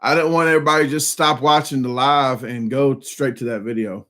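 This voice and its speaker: With a Southern US accent, a man rambles through a casual live stream, restarting often and leaning on fillers while coughing and sounding a bit hoarse. His mid-range voice has a sharp tone and fairly even intonation, and his pace is fairly quick.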